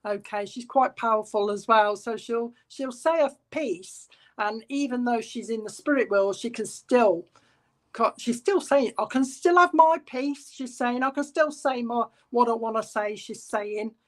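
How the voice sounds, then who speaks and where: Chatty woman medium, high-pitched. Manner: chatty, relaying messages with frequent asides and restarts. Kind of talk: clairvoyant reading at a church service.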